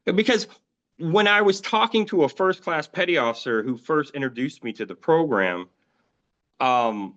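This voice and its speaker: A man as an interview guest, recounting his own experiences in a rambling, halting way, full of fillers and restarts. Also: fairly high pitch, expressive, a bit bright. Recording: dull lo-fi audio.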